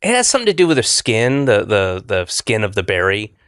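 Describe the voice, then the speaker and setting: A man's voice: fairly low pitch, wildly swooping pitch, brisk, fairly bright tone, clean tone, no echo. A man hosting a comedy podcast, teasing his guest in a dry, sarcastic way over a studio mic. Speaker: podcast host. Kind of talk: casual comedic chat.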